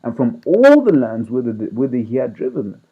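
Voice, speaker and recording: A man reads scripture and then unpacks it in a loose, rambling way, tagging nearly every point with "right?". His voice sits in an ordinary middle pitch. The audio is narrow and tinny, like a phone line. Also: very animated, fairly quick, breathy edge. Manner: rambling, conversational, peppers speech with "right?". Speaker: street preacher. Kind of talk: casual scripture teaching.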